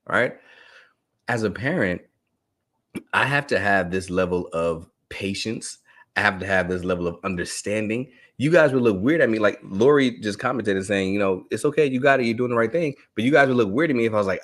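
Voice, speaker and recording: A man in his thirties, an educator giving a live online talk to teachers, telling animated stories and laughing often. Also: medium pitch, a little fast. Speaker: educator and speaker.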